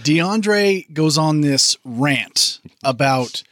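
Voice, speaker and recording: A man's voice: fairly high pitch, lively intonation, extremely slow, fairly bright tone, no room sound, clean studio sound. A man co-hosting a casual movie review podcast, wry and exasperated, retelling scenes from the film. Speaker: podcast co-host.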